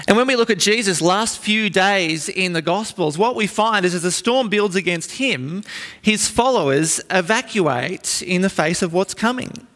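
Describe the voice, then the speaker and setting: A man preaching a sermon in an earnest storytelling manner with dramatic pauses. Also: sits high, pushed and bright. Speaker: pastor. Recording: long reverb from a large hall.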